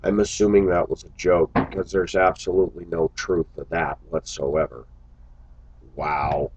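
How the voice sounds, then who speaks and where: A man's voice: low voice, little pitch movement, normal speed, noisy background. A man talking to his viewers in a casual vlog monologue, musing aloud and breaking into exclamations. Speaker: vlogger.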